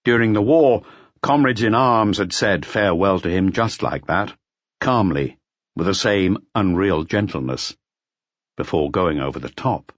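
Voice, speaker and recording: A man reading a crime novel aloud in a measured, expressive storytelling manner. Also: low-pitched, dry recording. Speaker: audiobook narrator. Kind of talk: scripted narration. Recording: dull lo-fi audio, dry.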